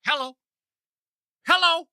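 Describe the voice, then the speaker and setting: With an extremely high, pushed and bright voice, a man takes his time riffing on his podcast, mixing a rambling comic monologue with a prank phone call and staged outrage. He is the show's host. The audio is clean studio sound with no room tone.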